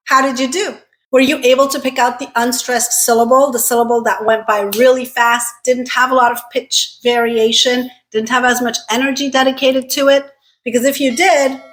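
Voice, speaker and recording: A woman teaching an English pronunciation lesson, modeling sounds slowly and deliberately, repeating each one three times and checking in with "okay?". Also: a little high, fairly bright tone.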